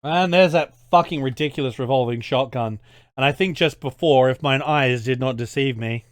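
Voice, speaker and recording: A man's voice: medium pitch, moderate pace. A young Australian man giving casual reaction commentary as a history YouTuber, ranting in an exasperated, sweary way.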